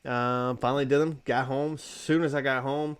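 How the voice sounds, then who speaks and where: A man's voice: mid-range voice, fairly even intonation, moderate pace, clear, resonant tone, no echo. A man co-hosting a podcast, chatting casually and rambling through his day. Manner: laid-back, rambling. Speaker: podcast co-host. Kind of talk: casual chat.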